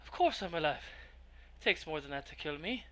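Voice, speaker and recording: A man voicing a battered, tough older woman in a tabletop game, gruff and relieved to be alive. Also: fairly high pitch, expressive, a little fast, lightly acted.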